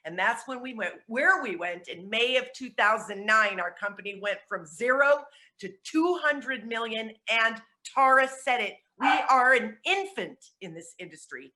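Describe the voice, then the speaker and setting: A woman speaking from home on a video call, giving an energetic, chatty network-marketing presentation while sweaty and flustered. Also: on the high side, normal speed. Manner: energetic and chatty, laughing at herself. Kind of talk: motivational online presentation. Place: at home with dogs.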